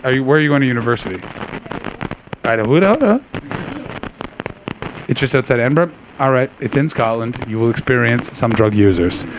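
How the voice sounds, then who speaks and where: A man's voice: mid-range voice, noisy background. A man doing a stand-up set before a live audience, telling profane rambling stories and teasing the crowd. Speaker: stand-up comedian.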